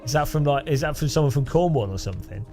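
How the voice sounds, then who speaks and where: Talking fast and animatedly in a mid-range voice with a dark tone, this game streamer from England chats casually with his live-stream audience. He laughs often and greets viewers by name while soft music plays behind him.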